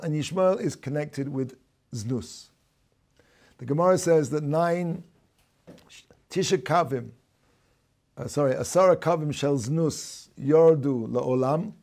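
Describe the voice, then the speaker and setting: A man, a rabbi, giving an explanatory lecture. He talks deliberately, stops to explain terms and corrects himself as he goes. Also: fairly high pitch, darkish tone. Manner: reads out quoted passages in a raised voice. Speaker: rabbi teaching a class.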